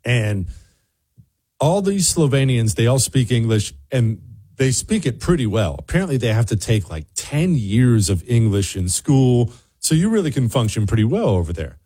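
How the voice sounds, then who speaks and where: Brief: male talk show host, husky, medium pitch, a lively and digressive storyteller. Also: moderate pace.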